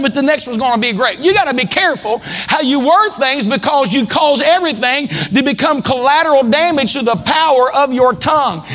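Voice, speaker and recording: A man preaching a sermon as pastor, with fiery delivery that rises to shouts. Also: extremely high pitch, big-room sound. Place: church hall.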